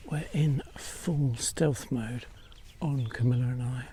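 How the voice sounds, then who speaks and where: A man vlogging outdoors in a forest while hunting wildlife photos, often dropping to a hushed whisper, with many pauses and fillers. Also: mid-range voice, steady tone, a little hiss or hum. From England. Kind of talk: casual outdoor vlog narration. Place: outdoors in a forest among bracken. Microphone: small handheld camera mic.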